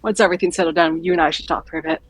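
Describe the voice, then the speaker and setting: A blunt woman adventurer, voiced by a player who talks very fast and gets straight to the point. Her lines come from a tabletop game. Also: mid-range voice, close to an everyday voice.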